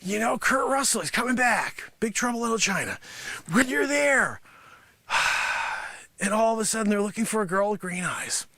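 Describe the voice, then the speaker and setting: A man's voice: high-pitched, lively intonation, normal speed, gravelly, long pauses, dry recording, heavily acted. A man playing a bragging karate sensei. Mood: boastful. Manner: bragging, scolding, swings into shouts. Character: boastful, money-grubbing male karate sensei. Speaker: livestream host. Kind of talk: improvised comedy character bit.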